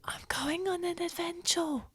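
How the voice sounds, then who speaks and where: A woman voicing an eager, scheming young boy in whispered role-play, speaking in a hushed, earnest whisper. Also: very high-pitched, steady tone, a little slow, no room sound, studio quality, voice pushed up. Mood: hushed excitement.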